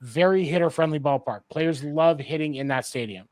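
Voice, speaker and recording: Matter-of-fact man, somewhat high voice. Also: moderate pace, darkish tone, no echo. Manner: matter-of-fact, citing figures. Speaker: podcast co-host. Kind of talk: casual sports chat.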